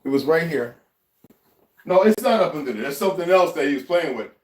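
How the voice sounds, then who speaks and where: In his home kitchen, a vlogger rambles to viewers in a high-ish, animated voice, talking a little fast, laughing often, and speaking to his cat as he searches around. The mic is distant, making the recording roomy and off-mic with faint noise.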